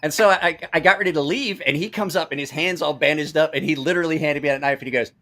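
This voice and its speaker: A man's voice: on the high side, fast, bright, forceful tone. A middle-aged man hosting a casual live chat, telling salty stories and acting out quotes. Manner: swearing storyteller, acts out quotes. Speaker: host.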